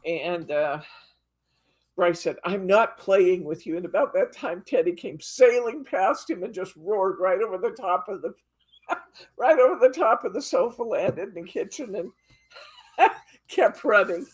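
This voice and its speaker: Slow, husky-voiced woman teaching crafts. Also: medium pitch, expressive. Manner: chatty, giggly storytelling. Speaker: craft class instructor. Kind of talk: live-streamed craft class chat.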